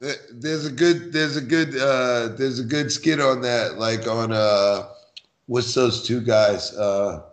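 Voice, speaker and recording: A man from New York City, a podcast guest, talking in an animated, barky way and acting out quoted lines. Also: medium pitch, takes it slowly. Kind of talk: casual podcast conversation.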